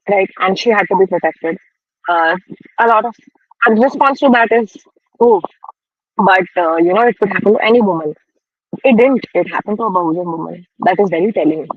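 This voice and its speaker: This is casual live-stream commentary from an Indian host who snacks as he talks, frank, chatty and somewhat self-deprecating. His voice is on the high side, and the audio is narrow and tinny with no room sound.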